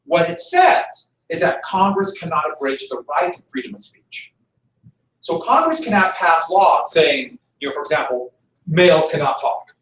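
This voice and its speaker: A man's voice: fairly high pitch, a bit bright. A man teaching a class, making his points emphatically and repeating them. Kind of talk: classroom lecture. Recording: echoey room, mic far off.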